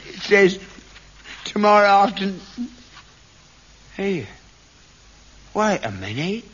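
An actor playing a selfish, scornful older working-class father, speaking slowly in a gravelly, scoffing way in a sitcom. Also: high voice, big pitch swings, fairly bright tone, full character voice. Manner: slow gravelly scoffing delivery. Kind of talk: 1960s-70s TV sitcom acting. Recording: dull old TV recording, faint hiss.

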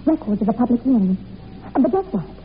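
A young woman acting in a 1940s radio drama, telling a dark family legend in an intense, breathless way. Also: a little high, expressive, fast talker, natural voice. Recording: tinny old radio recording with faint hiss.

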